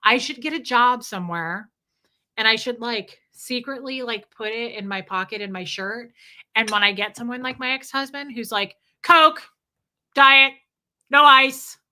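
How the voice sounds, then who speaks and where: A woman, ranting casually to her live stream chat and acting out the people she talks about. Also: on the high side. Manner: animated, acts out people in quick quoted voices.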